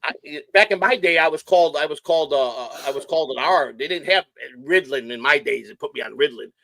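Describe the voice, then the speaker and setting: Hyper middle-aged guy from chicago rattling off stories, bright and dry. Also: a little high, expressive, gravelly, dry recording. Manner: hyper, rapid storytelling with swearing. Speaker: guest. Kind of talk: casual chat.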